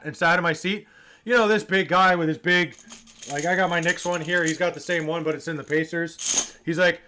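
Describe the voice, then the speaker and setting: Man, high bright voice, casual storytelling, swears a lot, acts out other people's lines. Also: brisk. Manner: animated, profane, acts out the people in his stories. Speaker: vlogger telling fan stories.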